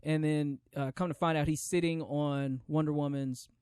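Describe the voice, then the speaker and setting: Rambling man with a smooth voice. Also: a little high, fairly even intonation, moderate pace, darkish tone, no echo, clean studio sound. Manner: rambling, filler-heavy, lots of "you know what I'm saying". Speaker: podcast host. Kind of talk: casual solo movie review.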